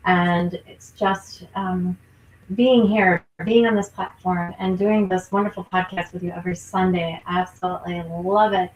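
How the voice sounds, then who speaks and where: A woman's voice: on the low side, fairly even intonation, moderate pace, a little mellow, reverberant, lo-fi sound. A woman who works as a nurse coach co-hosting a podcast in a bubbly, emphatic, casual way. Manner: bubbly, emphatic, laughs often.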